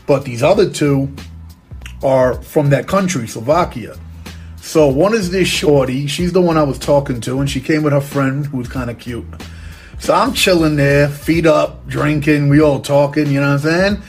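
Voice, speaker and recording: A young man tells a crude story in loose street slang, swearing freely and checking in with "you know what I mean" throughout. His voice sits a touch high for a man. Faint music plays underneath. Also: moderate pace.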